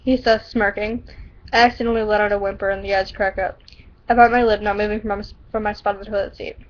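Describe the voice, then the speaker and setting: A woman's voice: mid-range voice, little pitch movement, quick pace. A woman reading her own story aloud on a lo-fi recording, often giggling and stumbling over words. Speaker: amateur storyteller. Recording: dull lo-fi recording.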